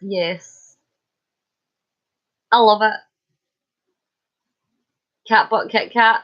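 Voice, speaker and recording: A Scottish woman chatting casually on her live stream, bubbly and quick to laugh. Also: mid-range voice, steady tone, a bit bright. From Scotland. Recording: dull lo-fi stream audio.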